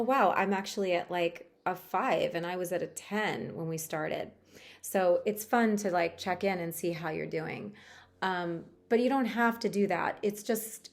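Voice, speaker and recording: A woman guiding a tapping session for stress relief, talking in a gentle, chatty coaching way with a few fillers. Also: fairly low pitch. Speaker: tapping practitioner.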